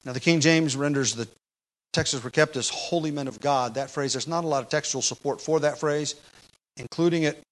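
A man preaching an expository sermon at a measured teaching pace, growing loud and emphatic when he quotes scripture. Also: mid-range voice, low-quality recording.

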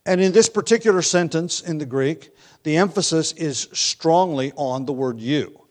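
Male Bible teacher, slightly higher voice, easygoing lecture delivery with plenty of pauses and self-corrections. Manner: relaxed and conversational, with frequent ums and restarts.

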